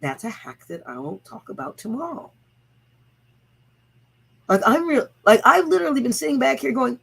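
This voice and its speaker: A woman's voice: fairly high pitch, sing-song, normal speed, vocal fry, long pauses, fairly bright tone, husky, low-quality recording. A woman hosting her own livestream, talking bluntly and profanely, chanting repeated slogans to rally her viewers. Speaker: host of own channel. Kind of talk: livestreamed motivational rant.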